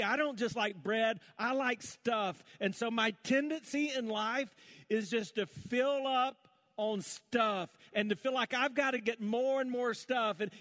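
A male pastor preaching a sermon, telling homespun stories with gentle humor. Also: very high-pitched.

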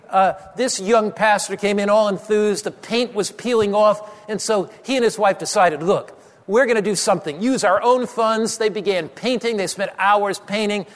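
A man preaching a sermon, telling a story with dramatic pauses and slowing on key phrases. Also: sits high. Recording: long hall reverb.

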